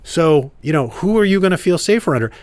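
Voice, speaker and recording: A man's voice: on the high side, animated, quick pace, a little mellow, no room sound. Emphatic storytelling male congressman. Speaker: congressman guest. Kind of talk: casual podcast interview.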